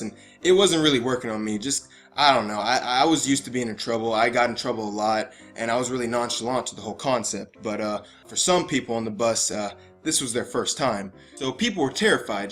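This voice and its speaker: A man's voice: medium pitch, fairly bright tone. Stammering, swearing young man telling a story. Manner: stammering, profane, laughing asides. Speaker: vlogger. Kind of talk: casual storytime.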